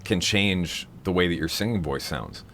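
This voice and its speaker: A man's voice: deep voice, normal speed, a bit bright, a little hiss or hum. A man hosting a live-stream vocal seminar, talking casually and rambling with many fillers and restarts.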